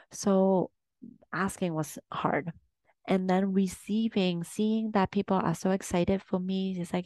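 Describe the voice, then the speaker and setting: A woman talks through personal lessons as a podcast host, candid and earnest, often pausing on fillers and restarting her sentences. Her voice sits a little low, and the recording is dry and close with no room echo. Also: a little mellow. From Asian. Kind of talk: personal reflective monologue.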